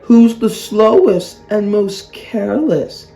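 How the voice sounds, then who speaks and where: A narrator voicing an elderly female vintage steam lorry, proud and sly, in a high, drawn-out teasing voice. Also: lively intonation, gravelly, warm tone, faint music behind. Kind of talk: storybook reading.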